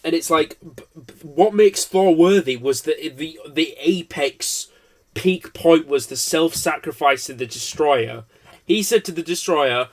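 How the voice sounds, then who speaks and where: In an unscripted film review, a man with a fairly high voice talks a little slowly, rambling, swearing, and breaking off his own thoughts midway.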